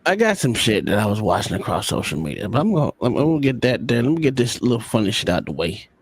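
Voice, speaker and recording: Profane animated streaming host, man. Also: mid-range voice, quick pace, gravelly, slightly rough. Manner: loose, profane, laughing a lot. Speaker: livestream host. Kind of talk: casual podcast chat.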